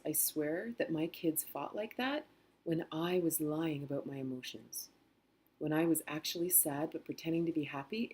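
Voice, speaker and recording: Middle-aged woman, low mellow voice, gentle reflective storytelling. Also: slightly rough. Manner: gentle, reflective, acts out quotes softly. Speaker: author and spiritual teacher. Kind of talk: personal storytelling talk.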